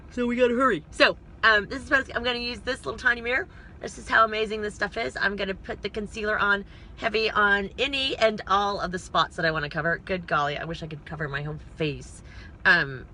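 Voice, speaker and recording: A woman vlogger rambles casually through a makeup tutorial from inside a parked car, talking to her phone camera with self-deprecating asides. Her medium-pitched voice is bright and forceful, with slight background noise.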